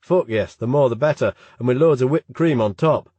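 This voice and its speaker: Brief: blunt Yorkshire lad, young student, crude and cheery, as a male narrator puts him on, husky tone. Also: medium pitch, normal speed, warm tone, dry recording, lightly acted. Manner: blunt, swearing.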